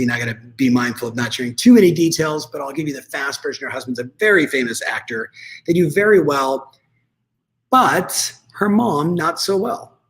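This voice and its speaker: A man coaching real estate agents in an energetic, conversational motivational talk, speaking straight to his audience. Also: on the high side.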